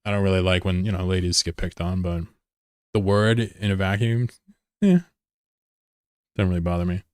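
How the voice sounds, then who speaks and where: Low-voiced joking male streamer, dry sound. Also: steady tone, moderate pace, clear, resonant tone, no room sound. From United States. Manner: joking, rambling, answers chat messages. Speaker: live streamer. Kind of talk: casual live-stream chat.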